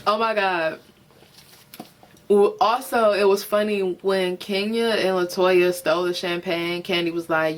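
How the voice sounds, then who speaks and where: A woman's voice: medium pitch, steady tone, measured pace. A tired woman casually reviewing a reality TV episode, rambling with lots of fillers, swearing, and giggling. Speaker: reality TV recapper.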